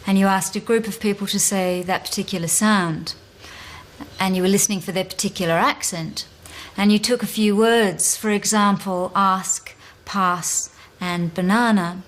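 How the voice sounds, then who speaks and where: A woman with an Australian accent, explaining as an accent coach in a measured way. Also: medium pitch, steady tone. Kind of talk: explaining in a TV documentary.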